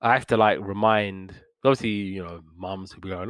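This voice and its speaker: A man with a smooth, clear voice recaps old cartoons in a loose, rambling way, full of fillers and false starts. He sits at a middle pitch, and his sound is dry and close, with no room around it. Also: steady tone, normal speed, no echo. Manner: rambling retelling with many fillers and restarts. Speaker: podcast host reviewing old cartoons. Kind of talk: casual review chat.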